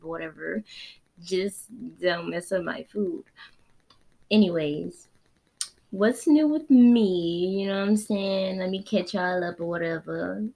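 Profane, animated young woman storyteller. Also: mid-range voice. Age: 20s. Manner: animated, profane, swinging between laid-back and heated. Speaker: podcast host. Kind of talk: casual storytelling monologue.

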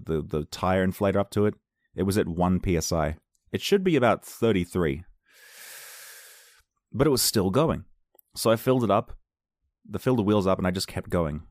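A man's voice: sits low, no echo, clean studio sound. A man chatting casually to his viewers, rambling through a story, repeating words and laughing easily. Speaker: vlogger.

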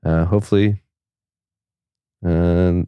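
A man's voice: deep voice, fairly even intonation, slow, dark tone, smooth, dry recording. A man co-hosting a podcast in casual chat, loose and rambling with many fillers. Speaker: podcast co-host.

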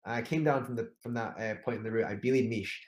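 A man's voice: medium pitch, fast talker, darkish tone. Man, interview guest, rambling storyteller, roomy echo. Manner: rambling with many restarts and fillers. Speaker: climber guest.

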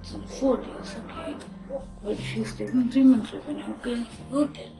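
A storyteller with an Indian English accent, talking casually and haltingly, acting out the dialogue and switching into Hindi now and then. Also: mid-range voice, steady tone, gravelly. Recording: music playing behind the voice.

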